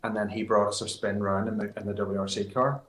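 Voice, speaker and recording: Brief: lower-voiced man, guest telling rally stories with lively restarts, echoey room. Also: fast. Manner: lively anecdotes, rambling with restarts. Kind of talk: casual interview storytelling.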